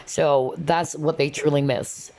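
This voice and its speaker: A woman's voice: low-pitched, steady tone, slow, a little mellow. A woman giving a casual, chatty tarot reading, often checking in with "okay?" and "you know". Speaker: tarot reader.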